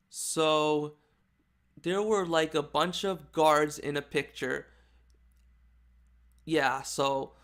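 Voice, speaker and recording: A man's voice: on the high side, creaky, a bit bright. A man giving casual, rambling video commentary with many fillers and restarts. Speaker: YouTube commentator.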